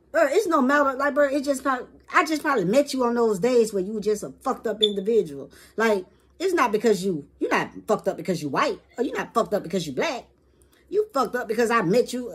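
A woman's voice: fairly high pitch, slightly rough. A woman vlogger giving a rambling, profane opinion rant to camera in casual street slang.

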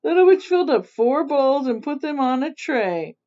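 A chatty woman reads a children's picture book aloud, breaking off now and then to explain things in a relaxed, informal way. Her voice sits a little on the high side. The recording is dull and lo-fi. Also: normal speed, hardly any pauses. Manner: chatty, stops to explain and laugh. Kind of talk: casual read-aloud storytelling.

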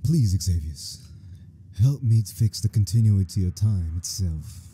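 A man voicing an ancient male god creature who speaks slowly and formally in a British-sounding way. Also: low voice, animated, warm tone, a little hiss or hum, pitched below the performer's own voice. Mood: solemn.

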